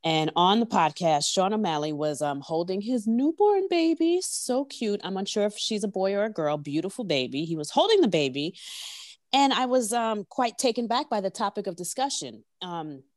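A woman co-hosting a casual podcast discussion from her workplace, talking in an animated, slangy way full of rhetorical questions. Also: medium pitch, normal speed, dry recording, studio quality. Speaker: podcast co-host.

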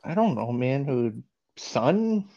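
A man's voice: mid-range voice, very animated, slow pace, dark tone. Chill guy co-hosting a podcast, slightly muffled lo-fi mic, easygoing banter. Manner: laid-back, laughing, easygoing banter. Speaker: podcast co-host. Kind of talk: casual podcast chat.

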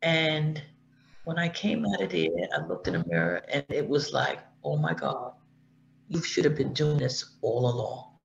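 A middle-aged woman tells her story in a casual chat, her voice gravelly with vocal fry. She acts out the voices she quotes, and the line sounds dull and lo-fi, with faint noise under it. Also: rumbling low, animated, unhurried. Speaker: guest.

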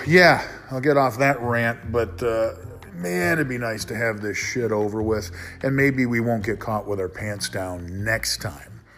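A man with a fairly low voice hosts a casual solo podcast, rambling from one thing to the next with plenty of fillers. He talks frankly and swears freely when he gets worked up. Faint guitar music plays quietly underneath. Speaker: podcast host.

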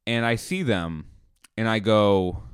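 A middle-aged man hosting a podcast, delivering an animated comedic monologue and acting out scenes in dialogue. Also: on the low side, takes it slowly, smooth, no room sound, clean studio sound. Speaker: podcast host.

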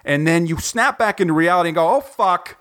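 A man from Ohio hosting a podcast from home, chatting casually in an animated, joking, rambling way with lots of fillers. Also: on the high side, fast. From Ohio, USA. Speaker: podcast host. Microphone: recording from home, guest on the phone.

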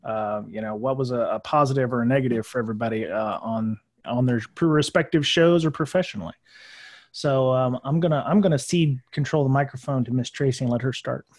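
A man's voice: mid-range voice, brisk, a little mellow. A man hosting a casual holiday podcast chat over a video call, easygoing and hesitant with frequent ums. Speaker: podcast host.

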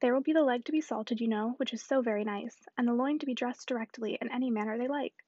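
A woman reading the part of a lively, self-assured young lady who speaks quickly and eagerly. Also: fairly high pitch, no echo, dull audio.

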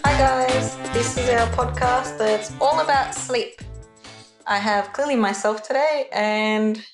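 A woman's voice: fairly high pitch, takes it slowly, loud music behind the voice. A woman hosting a casual podcast, upbeat and teasing, finishing her co-host's sentences. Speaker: podcast host. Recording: roomy echo.

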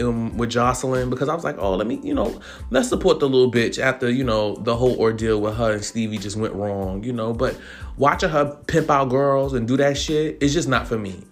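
A man giving casual, profane celebrity gossip commentary on his vlog, animated and opinionated. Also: medium pitch. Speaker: vlogger.

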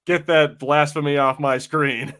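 A man's voice: fairly high pitch, fairly even intonation, measured pace, a bit bright. A man hosting a casual podcast chat, teasing the guests with mock outrage. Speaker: podcast host.

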